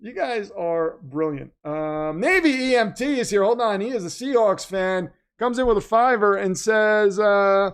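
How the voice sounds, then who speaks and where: A man with a fairly high voice hosts a casual livestream, reading viewer messages aloud. He is talkative and keyed up with nervous energy, jumping from loud bursts to quiet asides. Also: normal speed, few pauses, smooth. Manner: excitable, talkative, jumps between loud and quiet. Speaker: livestream host reading super chats.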